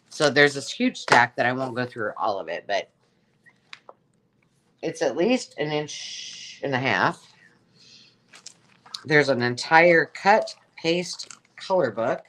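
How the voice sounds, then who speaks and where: A woman's voice: extremely low pitch, a little hiss or hum. A woman hosting a casual live sale of craft supplies, chatting in a rambling way and exclaiming over each item she pulls out. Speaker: host selling craft supplies.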